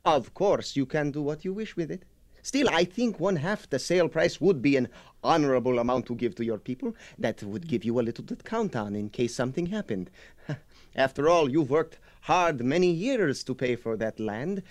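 An actor playing a shrewd, chuckling merchant who haggles over land in a radio drama. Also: male voice, fairly high pitch, lively intonation, moderate pace, close to an everyday voice. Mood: sly. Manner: sly, chuckling, bargaining. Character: shrewd haggling male land buyer, middle-aged.

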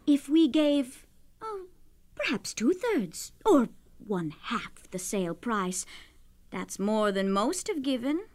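A woman's voice: fairly high pitch, very animated, slow, a little mellow. An actress playing a worried older wife who coaxes her husband, in a radio drama. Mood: coaxing. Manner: earnest, coaxing. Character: worried, persuasive aging wife.

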